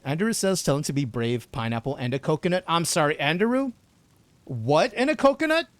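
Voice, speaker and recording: A man's voice: on the high side, sing-song, a little fast, no echo. A young man streaming a video game, chatting casually and slangily with viewers, swearing and reacting to the game. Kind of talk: live gameplay commentary.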